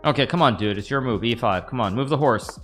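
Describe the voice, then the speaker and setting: A man's voice: medium pitch, quick pace, fairly bright tone, soft background music. A man in his thirties from the United States, live-streaming chess with rambling chatty commentary to his viewers. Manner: chatty, rambling, talks to chat while playing.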